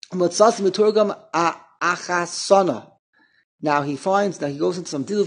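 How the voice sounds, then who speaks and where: A Torah teacher with a high-pitched, husky voice leads a line-by-line text study, reading passages with a pronunciation, explaining them in English and often pausing to repeat words.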